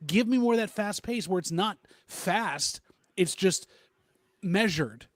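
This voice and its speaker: Male, podcast co-host, casual chat, stammering, joking, slightly high, dry close mic. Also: animated, measured pace, no room sound. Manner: stammering restarts, joking asides, many "like"s. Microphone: remote stream mic.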